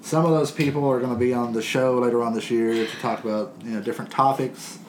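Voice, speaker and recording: A man's voice: medium pitch, fairly even intonation, quick pace. A man hosting a comedy podcast, joking crudely and swearing among his co-hosts. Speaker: podcast host. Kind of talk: casual comedic chat. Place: room shared with several co-hosts. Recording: roomy echo, faint hiss.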